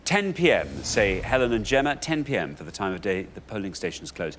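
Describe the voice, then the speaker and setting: A man's voice: fairly low pitch, big pitch swings, a little fast, a bit bright, slight background noise. A man hosting a TV quiz show, reading out answers and bantering playfully with his co-host. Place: TV studio.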